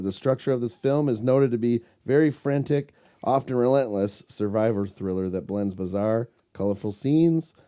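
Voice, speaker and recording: A man with a very dark, mellow voice chats casually as a movie podcast co-host. He sounds enthusiastic, swears freely and often breaks into laughs. His pitch sits in an ordinary middle range. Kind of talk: casual movie recommendation chat.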